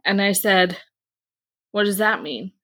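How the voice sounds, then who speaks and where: A woman's voice: medium pitch, a little slow, bright, forceful tone. A woman chatting casually on a podcast, telling a candid story with lots of fillers and laughs.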